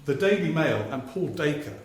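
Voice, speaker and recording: Male journalist on stage, slightly high voice, spinning political anecdotes, booming theatre echo. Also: animated, unhurried. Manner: storytelling, acts out politicians' voices for laughs. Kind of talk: live one-man stage talk with anecdotes. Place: theatre stage before a live audience. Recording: very echoey live theatre recording, faint noise. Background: audience laughter.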